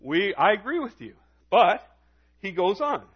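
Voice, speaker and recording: A man's voice: sits high, sing-song, measured pace, breathy edge, highs cut off. A man preaching a sermon as pastor, emphatic and full of rhetorical questions.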